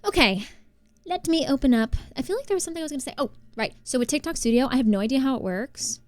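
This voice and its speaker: A young woman talks loosely to her stream, circling back on herself with fillers and restarts. Her voice sits a little on the high side. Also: animated, quick pace, darkish tone, no room sound. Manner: rambling, chatty, many fillers and restarts. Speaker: livestreamer. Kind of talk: casual live-stream chat.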